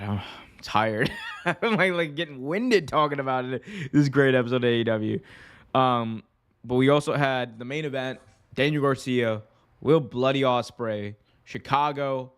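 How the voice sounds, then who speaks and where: A male podcast host chats through a casual recap at an ordinary, mid-range pitch. He talks in a rambling, excitable way, piling on filler words as his thoughts run ahead. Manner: rambling and excitable, heavy use of "like". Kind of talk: casual wrestling recap and fan questions.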